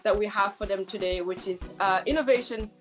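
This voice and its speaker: A woman's voice: mid-range voice, fairly quick, soft background music. A woman hosting a talk show, introducing guests and topics in an upbeat, enthusiastic way. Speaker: show host.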